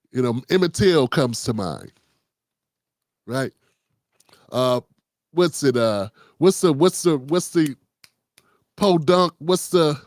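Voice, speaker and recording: Guy with a high voice riffing on politics, blunt and cussing, lots of restarts, dead dry mic. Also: no echo. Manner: blunt, profane, rambling with many restarts. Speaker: political commentary host. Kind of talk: unscripted political commentary.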